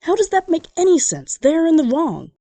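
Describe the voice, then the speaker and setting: A woman's voice: on the low side, sing-song, brisk, darkish tone, no echo. Woman voicing a cocky American guy. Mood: indignant. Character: brash young American man, cocky. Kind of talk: animated comedy sketch.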